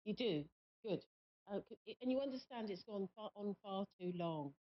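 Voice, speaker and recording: A woman hosting a live call-in psychic reading on the radio, speaking in a halting, searching way with many pauses. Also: mid-range voice, lively intonation. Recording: muffled lo-fi stream audio.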